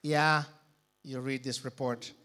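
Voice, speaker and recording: A man's voice: mid-range voice, steady tone, slow, sharp tone, clear, resonant tone. A man preaching a sermon, dramatic and calling on the congregation to repeat after him. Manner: dramatic, calls for congregation response.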